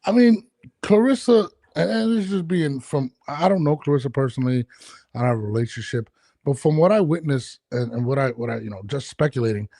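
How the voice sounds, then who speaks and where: A man's voice: mid-range voice, lively intonation, fairly quick, creaky, dark tone, no room sound, clean studio sound. A man hosting a casual podcast interview, talking loosely with many restarts and fillers. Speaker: podcast host. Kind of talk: casual video-call interview.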